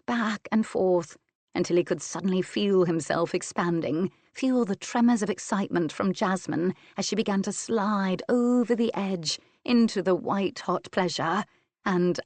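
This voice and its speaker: A woman narrating an audiobook of a romance novel with a slow, sensual, deliberate reading. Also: on the low side, no room sound.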